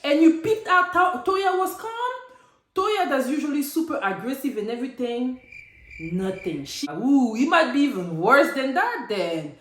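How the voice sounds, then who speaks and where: A woman casually recapping a reality TV episode, animated and slangy, laughing often. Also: high voice, a little slow, reverberant. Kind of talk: casual chat.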